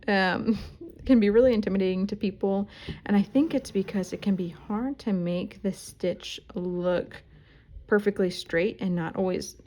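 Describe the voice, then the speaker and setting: A woman in her thirties talks through an embroidery tutorial from home, chatty and self-deprecating. Her voice sits a little low, with a mellow tone and a touch of gravel. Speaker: embroidery instructor. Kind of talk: casual tutorial talk while stitching. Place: at home, indoors.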